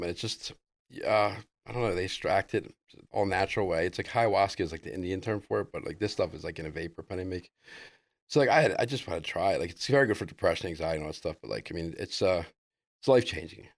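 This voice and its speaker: Man, very low voice, quick talker, podcast guest, rambling casual storytelling. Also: no room sound, studio quality. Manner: loose, excitable, full of "like" and "dude".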